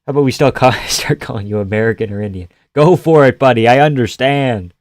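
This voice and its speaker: A man on a live stream reacts to fights, easygoing and full of swearing as he argues with chat. His voice sits at an ordinary pitch and sounds close and dry, with no room around it. At big moments he bursts into loud, excited shouting. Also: fairly quick, dry recording. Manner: casual, profane, answers chat, yells at big moments.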